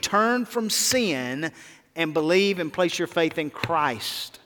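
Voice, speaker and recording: A man's voice: a little high, lively intonation, takes it slowly, sharp tone, in a large hall. A male pastor preaching a sermon, with emphatic rises and falls and rhetorical questions.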